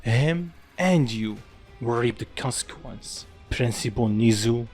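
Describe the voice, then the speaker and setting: A man's voice: mid-range voice, animated, a little slow, darkish tone, faint music behind, natural voice. A man voicing a furious teenage boy with a demonic fox spirit, growling and menacing. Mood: sarcastic threat.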